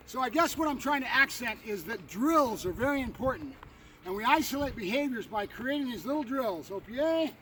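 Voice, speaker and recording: High-voiced male dog trainer, outdoors. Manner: explains while giving short commands to the dog, often adds "right?". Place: outdoors by a fence and a building. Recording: distant mic with noticeable outdoor noise.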